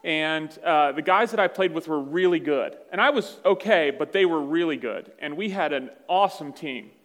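A man with a slightly high voice preaches in a conversational, self-deprecating storytelling manner. His words ring out with a long reverb through a large church hall. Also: lively intonation, moderate pace, a bit bright. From Virginia, USA. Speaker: pastor. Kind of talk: sermon. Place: church sanctuary.

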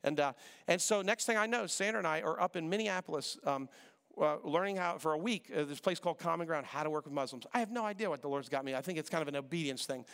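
A middle-aged man preaching, telling a story in a quick, conversational way and acting out the dialogue. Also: on the high side, creaky, a bit bright, clear, resonant tone. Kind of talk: sermon storytelling. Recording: reverberant hall.

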